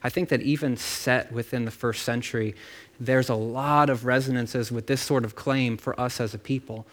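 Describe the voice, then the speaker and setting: A man's voice: medium pitch, fairly even intonation, normal speed. A man preaching a sermon in a casual, conversational way, with frequent asides and repeated words. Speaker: pastor.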